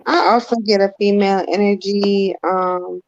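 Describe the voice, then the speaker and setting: A woman's voice: medium pitch, steady tone, moderate pace, no echo. Medium-voiced woman giving a spirit reading. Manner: emotional, gentle, casual colloquial. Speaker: psychic medium. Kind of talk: live-stream spirit reading. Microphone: phone. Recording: dull muffled phone audio.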